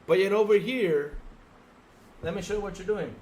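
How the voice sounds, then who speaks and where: Man, podcast co-host, heated rhetorical rant, higher voice, faint background noise. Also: normal speed. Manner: heated, exasperated, rhetorical ranting. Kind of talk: ranting livestream podcast talk.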